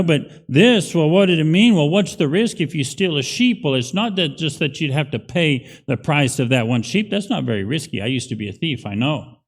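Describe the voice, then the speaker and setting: Male pastor, sermon, conversational and emphatic, slightly high voice, long hall reverb. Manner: conversational, emphatic preaching with rising intensity. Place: church sanctuary.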